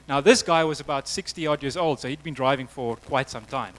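A man's voice: mid-range voice, a little fast, fairly bright tone, low-quality recording. A man preaching a sermon, telling a story in a conversational way before moving to prayer. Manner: storytelling, conversational with acted quotes.

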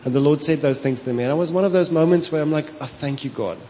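Casting: a South African man as a lively pastor, slightly high voice, long reverb of a church hall, faint ambience behind him. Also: quick pace, background noise. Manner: animated storytelling, slips into Afrikaans, laughs often. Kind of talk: sermon.

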